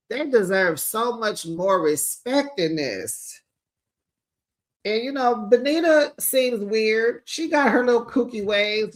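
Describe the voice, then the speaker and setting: A woman hosting a casual reality TV recap, sassy and slangy, talking straight to her viewers. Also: medium pitch.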